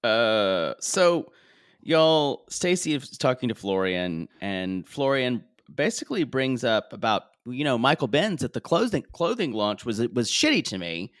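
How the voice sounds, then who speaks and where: A man's voice: medium pitch, sing-song, measured pace, a bit bright, dry recording, studio quality. A man co-hosting a podcast, recapping a reality show in loose, jokey casual chat that trails off and restarts. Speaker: podcast co-host.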